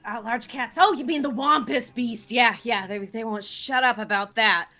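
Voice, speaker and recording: A woman's voice: a little high, normal speed, pushed and bright. Woman doing a gossipy old Southern ghost lady. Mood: dismissive. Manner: rambling, folksy, nostalgic chatter. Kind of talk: tabletop role-play.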